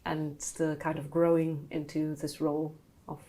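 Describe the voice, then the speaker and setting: A woman narrating as dungeon master in a tabletop role-playing game, lively and laughing often. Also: low-pitched, unhurried.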